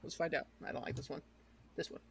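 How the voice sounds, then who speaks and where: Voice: fast, slight background noise. A game master running a tabletop game, talking loosely and laughing often.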